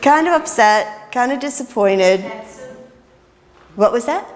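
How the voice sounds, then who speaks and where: A woman minister leading an interactive sermon, chatty and playful with quick jokes, in a church. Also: a little high, lively intonation. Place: church sanctuary. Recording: reverberant church hall.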